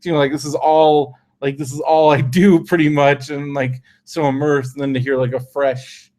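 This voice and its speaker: A man with a somewhat higher voice co-hosts a casual podcast. He talks in loose, meandering sentences that wander from thought to thought. The tone is relaxed, everyday chat. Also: normal speed. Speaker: podcast co-host.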